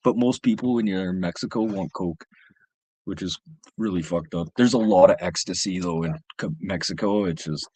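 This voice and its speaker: Low-voiced man swearing through stories. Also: slightly rough, dry recording. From Canada. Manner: profane, rambling, animated anecdote-telling. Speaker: livestream host. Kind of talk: casual storytelling. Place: home livestream setup.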